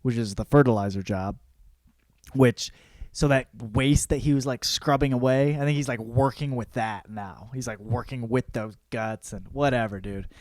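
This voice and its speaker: A man's voice: mid-range voice, normal speed, a little mellow, no echo, studio quality. A young man hosting a podcast, giving a casual book review, swearing freely and acting out the characters' lines. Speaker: podcast host.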